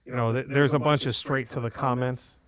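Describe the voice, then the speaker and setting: A man's voice: mid-range voice, steady tone, a little fast. A man co-hosting a podcast in casual chat, rambling with lots of fillers. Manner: rambling, filler-heavy, laughs along. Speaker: podcast co-host.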